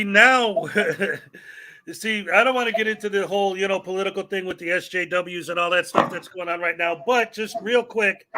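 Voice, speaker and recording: A man's voice: high voice, sharp tone. A man from Chicago with a Chicago accent, hosting a casual live-stream chat in a chatty, jokey way. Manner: chatty, jokey, laughs often. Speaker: show host.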